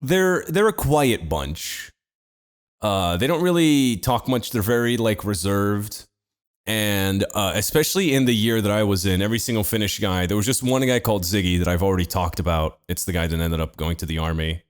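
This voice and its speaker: A man's voice: on the low side, normal speed, smooth. A young man co-hosting a comedy podcast, telling stories in a profane, joking, casual way. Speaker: podcast co-host.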